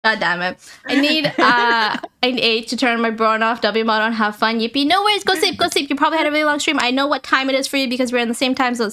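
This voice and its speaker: A woman hosting a livestream, talking casually with her viewers in a rapid-fire, rambling, playful and teasing way. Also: on the high side, sharp tone, clean tone. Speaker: livestream host.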